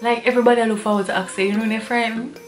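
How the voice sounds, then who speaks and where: A woman's voice: on the high side, racing, roomy sound, faint music behind. Jamaican woman telling an indignant story. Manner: animated, indignant retelling in patois. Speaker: vlogger. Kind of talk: storytime review.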